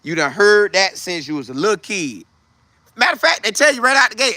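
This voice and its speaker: A young man hosting a podcast, giving preachy, animated commentary in a casual way. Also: sits high, brisk, no room sound. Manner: animated, preachy, acts out scenes in put-on voices. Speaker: podcast host.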